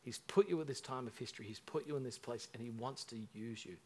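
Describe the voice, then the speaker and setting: At a quick pace and medium pitch, a male pastor gives a sermon to a large congregation. He tells his stories with passion and lots of animation.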